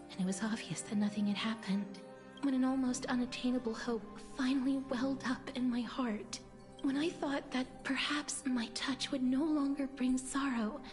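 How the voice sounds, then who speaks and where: A woman voicing a sorrowful young woman cursed with a deadly touch, speaking in a breathy, resigned whisper as whispered role-play, soft and mournful. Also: high-pitched, fairly even intonation, unhurried. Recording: long game reverb with music beneath.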